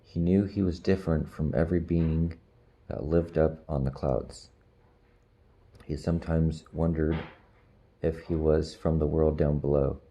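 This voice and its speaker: A man reading a storybook aloud in slow, measured audiobook narration. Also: very deep voice, warm tone.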